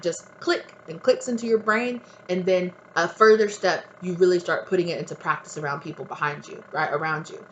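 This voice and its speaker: A woman's voice: lowish voice, fairly bright tone, slight background noise, rough recording. Blunt, swearing tarot reader woman. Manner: blunt, emphatic, swears freely; talks straight to the viewer, often adds "right?". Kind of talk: casual spiritual advice monologue.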